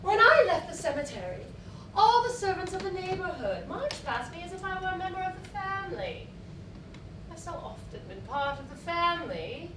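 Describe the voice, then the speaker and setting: An actress on stage playing a bitter, scheming maid, theatrical and mocking. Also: female voice, extremely high pitch, very animated, normal speed. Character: Solange, a bitter scheming maid, adult woman. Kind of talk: stage acting. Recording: echoey stage from far off, light noise.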